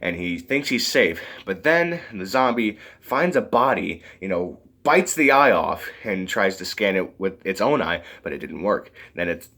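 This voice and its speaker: Casual male movie reviewer, low voice, animated, rambling. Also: a little slow, hardly any pauses. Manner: rambling, full of fillers, giggles often.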